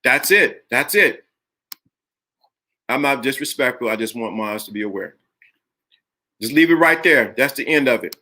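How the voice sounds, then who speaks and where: A man's voice: medium pitch, lively intonation, moderate pace, long pauses, sharp tone. A middle-aged man hosting a live motivational talk to viewers, preachy and emphatic, and he repeats lines to drive his point home. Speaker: live stream host.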